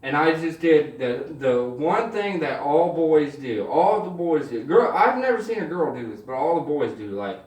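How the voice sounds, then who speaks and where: A man telling stand-up stories in an animated, swearing style, acting out the people in them. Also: fairly high pitch, moderate pace, few pauses, roomy sound, recorded from a distance. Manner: animated, swears freely, acts out voices. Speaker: stand-up comedian. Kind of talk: stand-up storytelling.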